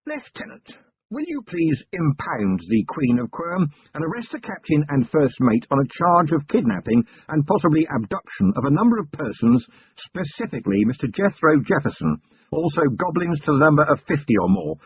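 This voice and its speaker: A man's voice: on the high side, sing-song, normal speed, slightly rough, voice pushed up, exaggerated voice. A man reading the part of a stern male police commander with a dry, commanding manner. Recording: tinny lo-fi recording.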